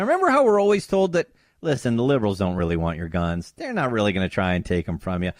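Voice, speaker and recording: Animated sarcastic male talk radio host. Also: lowish voice, no echo, clean studio sound. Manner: sarcastic, mocks opponents in put-on voices. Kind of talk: conservative talk radio commentary.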